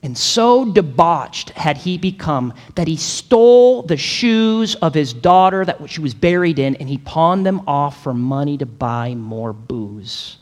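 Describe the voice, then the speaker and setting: A man's voice: fairly high pitch, expressive, measured pace, few pauses, in a large hall. A man preaching a sermon as a pastor, dynamic and emphatic, acting out quotes and building to strong peaks.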